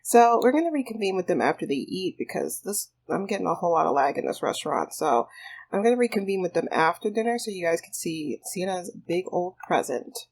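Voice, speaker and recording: A woman's voice: fairly low pitch, expressive, brisk, darkish tone, breathy edge. A woman hosting a life-sim game playthrough, talking through it in a bubbly, chatty way. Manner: bubbly, chatty, lots of fillers. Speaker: gaming video host. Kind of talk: casual let's play commentary.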